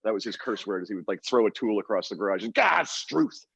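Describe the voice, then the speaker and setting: A man's voice: fairly low pitch, fairly even intonation, racing, breathy edge, no room sound, highs cut off. A man co-hosting a podcast in casual chat, wry and laughing a lot. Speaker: podcast host.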